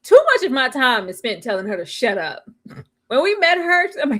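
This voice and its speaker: A woman giving sassy, animated commentary on a live stream about a reality show, cutting in with mocking impressions. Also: sits high, a little fast. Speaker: co-host of a reality show recap.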